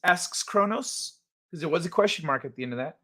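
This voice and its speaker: A man's voice: fairly high pitch, lively intonation, fairly quick, a bit bright. A man hosting a casual livestream, rambling and joking with his chat. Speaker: livestream host.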